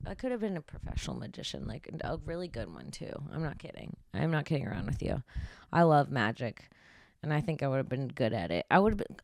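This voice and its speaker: A woman's voice: lowish voice, a little mellow, dry recording, studio quality. A woman in her thirties, a stand-up comedian, riffing through a casual, rambling and profane podcast monologue. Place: podcast studio.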